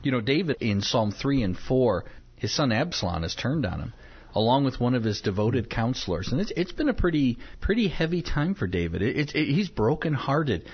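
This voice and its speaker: A man co-hosting a Christian talk show, teaching on a Bible passage in an earnest, searching way, with fillers and slow readings of scripture. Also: medium pitch, very animated, husky. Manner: earnest, hesitant with fillers, reads scripture aloud slowly. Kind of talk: devotional Bible teaching in conversation. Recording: dull lo-fi sound.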